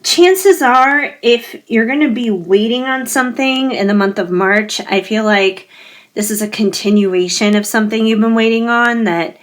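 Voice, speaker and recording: A woman giving a pick-a-card tarot reading, gentle and reassuring, talking straight to her viewers while her voice keeps fading and she often clears her throat. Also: on the high side, normal speed. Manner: gentle, musing, reassuring, speaks directly to viewers.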